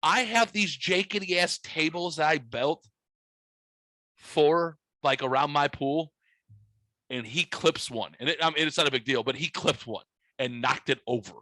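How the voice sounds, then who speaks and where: A man hosting a casual podcast, telling a story with lots of swearing and acting out his own yelling. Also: a little high, measured pace, no room sound. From United States. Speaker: podcast host.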